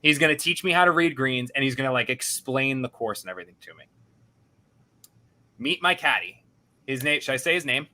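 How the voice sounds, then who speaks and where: A young man hosting a podcast, telling a story in an animated, self-deprecating way and acting out what others said. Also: mid-range voice, brisk, pauses often. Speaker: podcast host. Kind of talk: casual storytelling.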